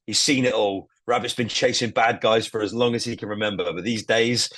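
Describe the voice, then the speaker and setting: A man's voice: on the low side, fairly even intonation, a little fast, a bit bright, no echo. A man co-hosting a podcast, enthusiastically recounting a comedy show and swearing freely. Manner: enthusiastic, swearing, acting out scenes. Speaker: podcast co-host. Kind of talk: casual podcast chat.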